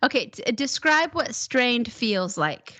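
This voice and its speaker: Woman singing teacher, high lively voice, keeps cheering her student on. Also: slow. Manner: encouraging, demonstrates whoops in head voice. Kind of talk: one-on-one voice lesson.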